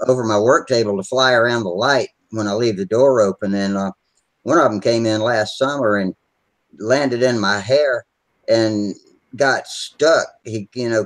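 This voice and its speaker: A man's voice: mid-range voice, poor audio. A man chatting on a video call, telling rambling, salty stories and laughing easily. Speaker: regular on a hobby video hangout. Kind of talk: casual chat, swapping stories.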